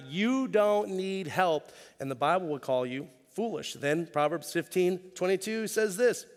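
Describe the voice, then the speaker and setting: A pastor delivers a sermon in a relaxed, conversational way, poking fun at himself and repeating his main points for emphasis. His voice sits somewhat high for a man. The sound carries a long reverb from a church auditorium. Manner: conversational preaching with self-deprecating humor; repeats key lines for emphasis.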